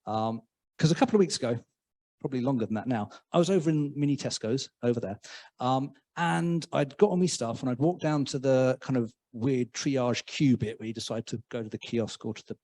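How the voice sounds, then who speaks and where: An English man preaching a conversational sermon in church, self-deprecating and humorous, with frequent halting restarts. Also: medium pitch, warm tone.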